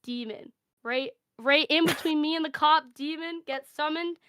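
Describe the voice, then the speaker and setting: A woman improvising a comedic story in a rambling, deadpan, gleefully profane way. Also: high-pitched, moderate pace, dry recording.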